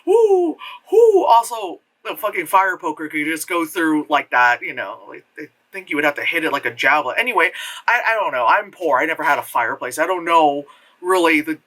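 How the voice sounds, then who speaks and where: Vlogger reviewing a film off the cuff; bright, lively delivery, loose and profane. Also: a little fast. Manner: rambling, loose and profane, full of fillers; animated, jumps into high voices for retold reactions. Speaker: movie reviewer. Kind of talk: casual spoken film review.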